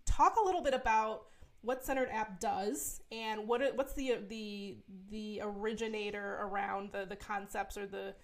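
A woman's voice: mid-range voice, fairly even intonation, normal speed. Enthusiastic woman hosting an interview. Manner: enthusiastic, meandering questions. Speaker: interview host. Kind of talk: casual interview talk.

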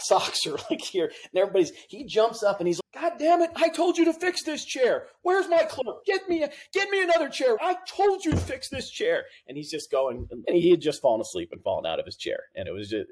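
A middle-aged man, a guest on a podcast, telling animated stories from his years as a prosecutor. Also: on the low side, breathy edge. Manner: animated anecdotal, acts out quotes. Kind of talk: interview storytelling.

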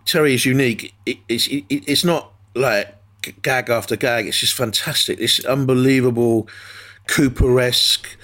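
A man, a veteran football commentator, chatting on a podcast and telling a measured, unhurried story. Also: medium pitch, fairly bright tone. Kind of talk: casual chat.

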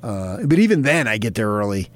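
A man's voice: on the low side, big pitch swings, brisk. A man co-hosting a sports talk show, telling stories in a rambling way with many fillers. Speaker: sports reporter and co-host. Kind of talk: casual chat.

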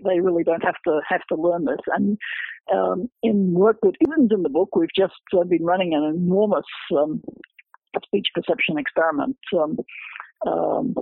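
A man, a researcher, explaining his book's findings in an academic, halting way, full of repeated words and fillers. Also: high-pitched, gravelly, breathy edge, dry recording. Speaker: researcher discussing his book. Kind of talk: explanatory interview talk. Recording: dry, phone-like radio line.

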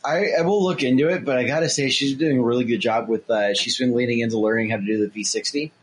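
A man co-hosting a podcast in casual chat, relaxed and jokey. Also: mid-range voice, fast talker, husky. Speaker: podcast co-host.

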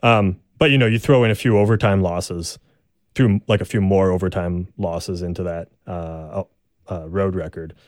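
Young male co-host, casual and halting, slightly low voice, dry close recording. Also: no echo. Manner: relaxed, halting, many fillers and restarts. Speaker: sports podcast co-host. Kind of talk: casual chat.

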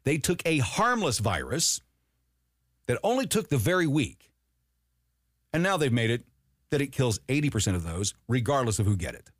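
A man's voice: medium pitch, big pitch swings, moderate pace, long pauses, a bit bright, no echo, clean studio sound. A man hosting an opinionated commentary show, emphatic and profane, repeating his key points.

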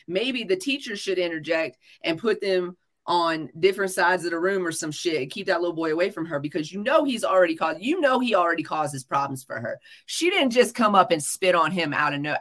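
A woman's voice: fairly low pitch, fairly bright tone. A young woman telling a story in a casual podcast chat, blunt and full of profanity. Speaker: podcast co-host.

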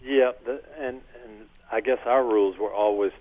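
Earnest man, measured talk, low voice, tinny phone-line sound. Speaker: guest coach and author. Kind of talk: interview answers.

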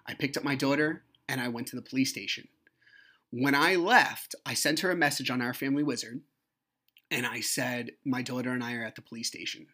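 A man in his thirties hosts his own podcast, retelling a personal story in a blunt, profane way. His voice sits at an ordinary middle pitch, and his talk is heated and frank. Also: fairly quick, sharp tone. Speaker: podcast host.

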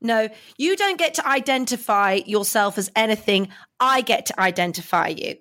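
A woman's voice: fairly high pitch, animated, moderate pace, a bit bright. Woman playing a smug, posh radio host. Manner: haughty, dismissive, talks over guest. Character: posh, smug anti-woke female radio presenter. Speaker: host of a satirical radio show. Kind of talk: improvised comedy character chat.

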